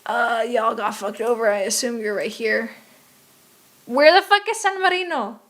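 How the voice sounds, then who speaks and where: A woman's voice: fairly high pitch, moderate pace, fairly bright tone. A young woman streaming a geography game, chatting casually and muttering profanely in exasperation as she plays.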